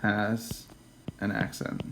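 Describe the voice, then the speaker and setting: A man giving a casual classroom lecture, often checking in with "okay?" and "right?" and dropping into quiet whispered asides. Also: lowish voice, completely flat delivery, takes it slowly, vocal fry, noisy background. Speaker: teacher.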